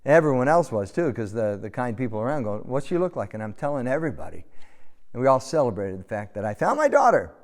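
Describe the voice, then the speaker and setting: A man's voice: mid-range voice, fast. A middle-aged American man preaching a sermon and telling a story, in a conversational style. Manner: conversational storytelling, animated when shouting. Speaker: pastor. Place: church sanctuary. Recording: long hall reverb.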